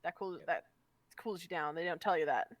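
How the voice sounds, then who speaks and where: A woman's voice: on the low side, brisk, no room sound. A young woman chatting casually as a player in a tabletop game, giggly and jokey.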